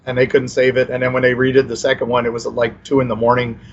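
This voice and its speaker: A male author talks through his answers in a loose, rambling way, full of "you know" and restarts. His voice sits at an ordinary pitch, and the line sounds dull and lo-fi. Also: completely flat delivery, fast talker, slight background noise. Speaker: author and guest. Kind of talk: casual interview chat.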